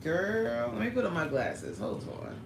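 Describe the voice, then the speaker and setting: With a medium pitch that swings widely and a touch of vocal fry, she speaks in an unhurried way. This woman hosts an easygoing livestream, responding to chat members by name and breaking into a story in a chatty, storytelling manner. The room echoes, and faint background noise is audible.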